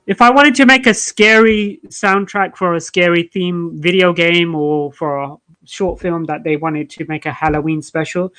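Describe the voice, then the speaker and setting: A man chatting casually as host of a live music stream, relaxed and full of restarts. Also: fairly high pitch, normal speed, hardly any pauses, clear, resonant tone, no room sound, rough recording. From United Kingdom.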